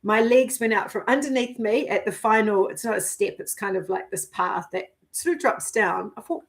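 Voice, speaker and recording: Chatty animated woman telling a story. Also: fairly high pitch, moderate pace. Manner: animated, giggly, swears casually, acts out her own quoted thoughts. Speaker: vlogger. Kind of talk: casual personal storytelling.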